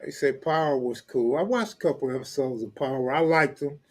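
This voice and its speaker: A California man hosts a live stream, chatting casually in loose street slang, joking with viewers and reading their live comments. His voice is medium-pitched and a little fast.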